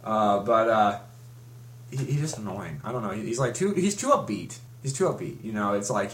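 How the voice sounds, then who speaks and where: A man's voice: on the low side, animated, normal speed, a little hiss or hum. A young man in casual chat, rambling through a story with many restarts and fillers. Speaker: fan recapping a comic.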